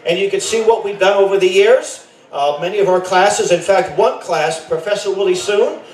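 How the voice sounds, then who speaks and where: A man's voice: high-pitched, moderate pace, darkish tone. A middle-aged man, a camp director, gives an informal rally speech. He rambles, corrects himself often and adds joking asides. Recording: echoey, voice from a distance.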